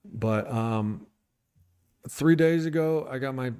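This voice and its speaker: A man speaks straight to his stream audience in an irritated, venting mood, blunt and sometimes profane. His voice is smooth and resonant, sitting at an ordinary middle pitch. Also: takes it slowly, a little mellow. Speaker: recovery streamer. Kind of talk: candid livestream monologue.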